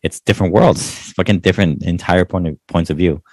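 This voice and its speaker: A man's voice: low-pitched, brisk, darkish tone, no room sound. A man co-hosting a podcast, chatting casually about movies, laid-back, swearing easily and trailing off with fillers. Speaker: podcast co-host. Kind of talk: casual movie review chat.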